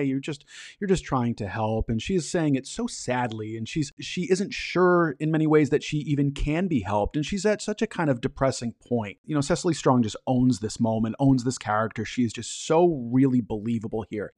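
Male podcast host, mid-pitched voice, dry close sound, eager recap delivery. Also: no room sound. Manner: enthusiastic, acts out quoted lines in animated bursts. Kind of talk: casual episode recap.

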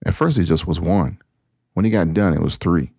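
A man hosting a podcast, telling a story in a casual, animated way and acting out the dialogue. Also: low voice, moderate pace, creaky, husky, no echo, clean studio sound. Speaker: podcast host.

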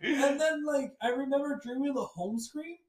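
Man, podcast co-host, animated storyteller, roomy echoey room. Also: very high-pitched, normal speed, noisy background. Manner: animated storytelling, acts out voices. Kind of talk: casual chat. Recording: roomy echo.

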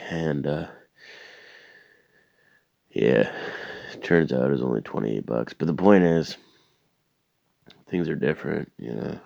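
A man's voice: a bass voice, lively intonation, slow pace, gravelly, long pauses, a little mellow, no room sound. A man from Canada telling a profane, rambling comedic story, full of stammered restarts. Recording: dull lo-fi dry recording.

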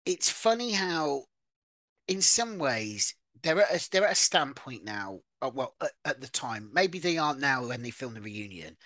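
Podcast host, super animated up-and-down voice, dry close sound. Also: mid-range voice, moderate pace, no room sound. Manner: animated, swearing, gossipy storytelling. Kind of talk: casual chat.

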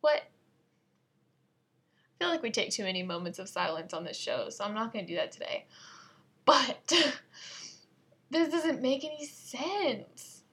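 Woman, podcast host, casual solo chat, slightly high, husky. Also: lively intonation, unhurried, pauses often, a bit bright. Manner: giggly, playful, self-mocking.

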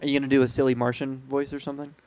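A man's voice: medium pitch, flat delivery, racing, a little mellow. A man co-hosting a casual podcast, reacting eagerly and playfully. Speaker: podcast co-host.

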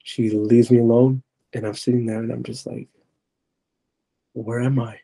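Husky, dark-voiced man telling his story. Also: medium pitch, little pitch movement. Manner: earnest, halting, often sinking to a murmur. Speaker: podcast guest. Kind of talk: personal testimony storytelling.

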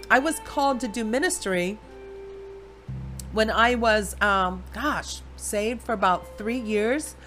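Ohio woman preaching her testimony, acts out the quotes, soft guitar in back. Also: on the high side. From Ohio, USA. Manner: animated storytelling with voiced quotes. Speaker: Christian speaker. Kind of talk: personal testimony sermon.

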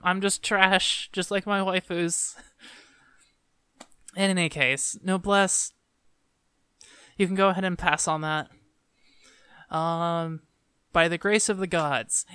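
A man's voice: high voice, steady tone, slow pace, pauses often, pushed and bright, smooth, dry recording. A man co-hosting a podcast, casually complaining with exasperation. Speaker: podcast co-host. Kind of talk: casual chat.

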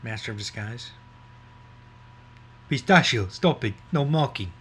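Playful, teasing man with lively pitch. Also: unhurried, slightly rough. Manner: playful, teasing, laughs often. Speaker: podcast co-host. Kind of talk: casual chat.

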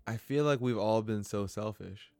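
A man's voice: on the low side, moderate pace, dark tone, no echo, soft background music. Laid-back slangy man in a dry room. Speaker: podcast co-host. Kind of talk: casual podcast chat.

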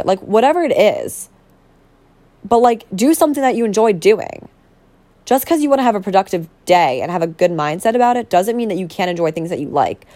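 A woman's voice: on the low side, a little mellow. A young woman hosting a casual solo podcast, rambling and bubbly, full of fillers and self-corrections. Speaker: podcast host.

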